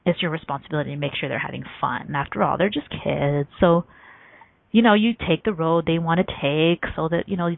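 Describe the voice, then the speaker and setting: A woman with a low, gravelly voice hosts a motivational radio talk, spinning animated stories and acting out the voices of the people in them. She laughs often between her points. The sound is dry and tinny, as if heard over a phone line. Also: dry recording. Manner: animated storytelling, acts out quoted voices. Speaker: radio show host. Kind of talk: motivational talk show monologue.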